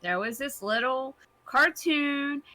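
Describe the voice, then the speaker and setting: Woman cohost, bright sharp voice, a bit high, dry jokes and laughs along. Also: slow pace. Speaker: podcast co-host. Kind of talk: casual chat.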